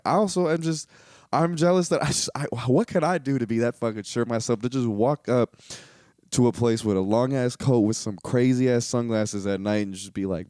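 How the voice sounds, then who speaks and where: Swearing freely and leaning on filler words, the podcast host wanders through an animated comedic monologue. His voice is mid-range, recorded at studio quality with no echo.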